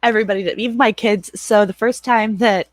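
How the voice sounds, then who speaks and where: A woman in her thirties hosts and moderates a livestream, chatting casually with viewers while rambling, laughing often, and swearing at times. Her medium-pitched voice has fairly even intonation and moves a little fast, with no echo.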